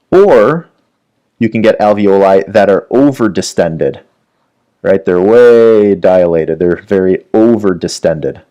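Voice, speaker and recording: A man's voice: fairly low pitch, dark tone. A man teaching a medical lecture, walking through diagrams and often checking in with "right?". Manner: explanatory, frequent "right?" check-ins. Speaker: medical educator. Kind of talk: whiteboard lecture.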